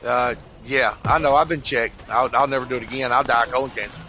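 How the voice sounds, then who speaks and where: A man's voice: medium pitch, steady tone, quick pace, bright, forceful tone, slight background noise. Rambling, profane older man. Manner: rambling, profane, emotional, keeps saying "bro" and "you know what I mean". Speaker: gamer chatting on voice chat. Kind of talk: casual storytelling.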